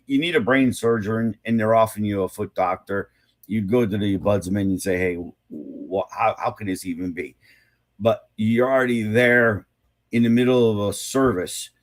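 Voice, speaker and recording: A man hosting an unscripted advocacy talk, blunt and informal, rambling with many fillers, repeated words and restarts. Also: on the low side. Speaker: activist host.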